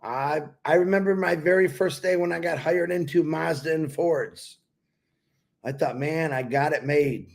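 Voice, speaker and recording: A man's voice: a little high, a little slow, vocal fry. An older retired man with a congested voice, talking in an easygoing, reflective way on a pre-recorded show and laughing now and then. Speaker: co-host. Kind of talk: pre-recorded casual talk.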